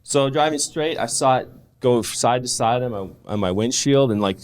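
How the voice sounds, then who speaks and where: A man's voice: mid-range voice, normal speed. A man with a mid-range voice tells a story on a podcast. He rambles, fills his talk with "like" and restarts, and drifts between thoughts. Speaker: guest wrestler. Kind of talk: casual storytelling.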